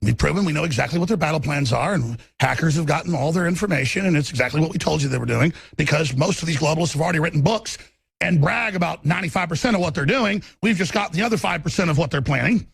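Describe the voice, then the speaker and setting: A man hosting a talk radio show, delivering a furious, shouting tirade with stammered restarts. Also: on the high side, fast, gravelly, husky, dry recording. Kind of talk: angry ranting talk radio monologue.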